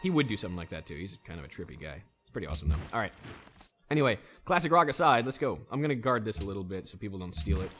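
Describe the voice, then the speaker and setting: A man's voice: on the low side, very animated, rapid-fire, fairly bright tone, slight background noise. Jokey man rambling through gameplay commentary. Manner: jokey, rambling, talks to himself and the game; breaks into goofy voices and song snippets. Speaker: let's play host.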